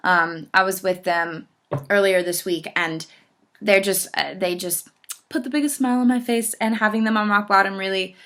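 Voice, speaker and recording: A woman's voice: mid-range voice, fairly even intonation, normal speed, fairly bright tone. A woman singer answering fan questions in a casual chat, effusive and enthusiastic.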